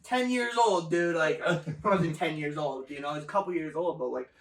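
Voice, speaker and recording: Picked up from afar in a room full of echo, a young guest with a fairly high pitch speaks slightly quickly. His casual work anecdotes come out animated and profane, broken up by laughter.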